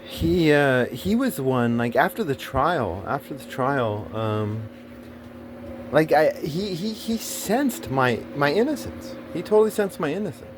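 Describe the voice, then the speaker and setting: With music playing underneath, a man whose voice sits on the high side tells a story from his own life at a measured pace and with lively intonation. He rambles casually, swearing often and fumbling with fillers and restarts.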